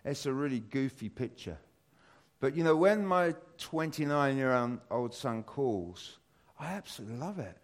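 A British man in his fifties tells a personal story during a church talk. His delivery rambles with frequent fillers and restarts, and his voice lifts with excitement. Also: medium pitch, measured pace. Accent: British English. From Britain. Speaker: church speaker.

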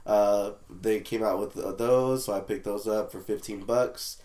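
A man's voice: fairly low pitch, fairly even intonation, measured pace, warm tone, reverberant. A man on a casual podcast, talking in a laid-back, hesitant way with many fillers. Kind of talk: casual chat.

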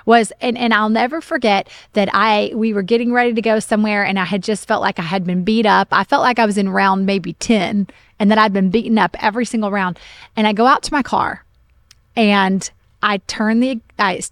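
A middle-aged woman pastor co-hosting a podcast, telling a personal story with lively, animated retellings of her own complaints. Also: medium pitch, moderate pace, no echo. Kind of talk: casual podcast talk, testimony.

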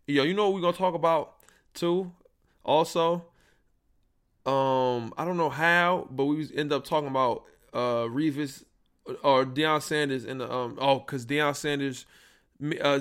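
A man's voice: mid-range voice, fairly even intonation, unhurried, a bit bright, clear, resonant tone. A young man hosting a casual podcast, rambling and slangy as he fiddles with his sound settings on a built-in computer microphone. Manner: rambling, troubleshooting audio live, slangy. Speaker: podcast host. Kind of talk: casual solo podcast chat.

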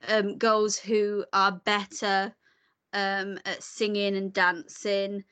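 A woman in casual, opinionated conversation, animated and swearing now and then. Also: medium pitch, slow, clear, resonant tone. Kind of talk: casual chat.

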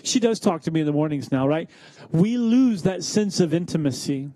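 Young male pastor, casual sermon delivery with jokes, slightly high, mellow voice, dry close sound. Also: lively intonation, moderate pace, dry recording. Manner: conversational, self-deprecating, acts out quoted voices.

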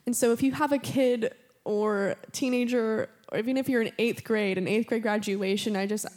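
A woman serving as a prayer minister gives words of knowledge and leads an earnest, emotional, spontaneous prophetic prayer filled with fillers. Her voice is on the high side and darkish in tone, at a normal speed.

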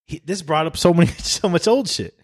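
A man's voice: a little high, expressive, fairly quick, slightly rough, no room sound, studio quality. A man hosting a casual podcast, laid-back and profane, often restarting his sentences. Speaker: podcast host.

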